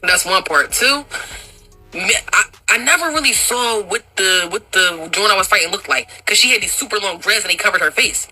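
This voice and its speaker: Bright-voiced young woman telling a storytime. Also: mid-range voice, normal speed, soft background music, rough recording. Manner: animated and profane, laughing often. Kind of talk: casual storytime monologue.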